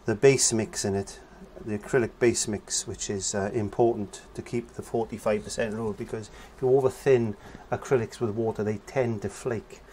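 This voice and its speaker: A man's voice: on the low side, fairly even intonation, moderate pace, hardly any pauses, mellow, slight background noise. A man giving a casual painting lesson, chatting as he works and humming nonsense syllables while he paints. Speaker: painting teacher.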